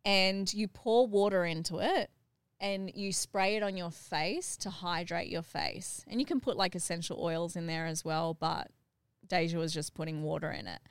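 A middle-aged woman hosting a family podcast, animated and laughing as she retells a family story. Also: lowish voice, moderate pace, smooth, no room sound, clean studio sound. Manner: animated, acts out what others said, laughs while telling. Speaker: podcast host and mother.

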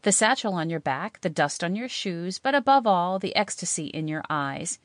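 A woman reading aloud and voicing a calm, teasing young man who claims to be a ghost. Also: on the low side, normal speed, no echo, natural voice.

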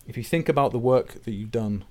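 A man, hosting a conversation and explaining ideas in a measured way, often dropping low and quiet at the ends of phrases. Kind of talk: conversational discussion.

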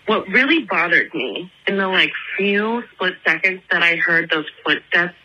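A woman's voice: on the low side, expressive, a little slow, sharp tone, slight background noise. Chatty young woman on a phone line. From Atlanta. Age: 20s. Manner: chatty, filler-heavy, lots of "like". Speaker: listener calling in with a voicemail. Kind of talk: casual phone voicemail storytelling.

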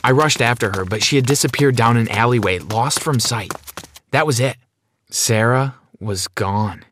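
A man's voice: mid-range voice, moderate pace, noisy background. Man reading a first-person story.

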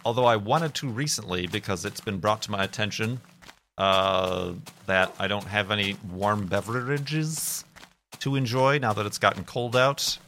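A man's voice: lowish voice, normal speed, sharp tone, slight background noise. A man streaming a game and chatting casually, rambling from one thing to the next with self-mocking jokes. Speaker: gaming streamer. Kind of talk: casual chat while playing a game.

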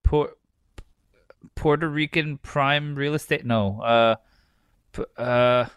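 A man chatting as a podcast co-host, loose and sweary, often breaking into laughter and restarting his sentences. His voice sits in a middling pitch and is recorded close and dry, with no room sound. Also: takes it slowly, a bit bright, smooth, dry recording. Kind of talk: casual chat.

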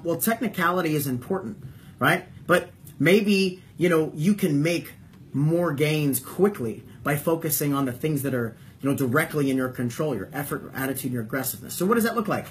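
A male wrestling coach talks to his team on a call, hammering home points with repeated questions. His voice sits a little high for a man. A faint hiss of noise runs under the recording. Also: lively intonation, fairly quick. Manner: emphatic, repeats key points and asks yes-or-no questions.

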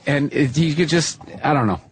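A man in casual podcast chat, telling profane, animated stories. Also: fairly high pitch, normal speed, a little hiss or hum.

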